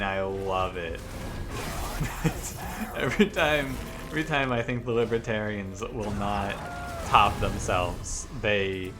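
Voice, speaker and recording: A young man streaming a card game, giving casual commentary in a rambling, chatty way full of quick self-corrections. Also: on the low side. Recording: game music playing behind the voice.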